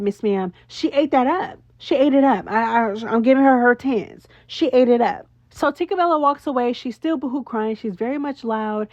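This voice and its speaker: A woman hosting a casual reality show recap, sassy and animated, full of slang and acted-out quotes. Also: fairly high pitch, dry recording. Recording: dull lo-fi sound.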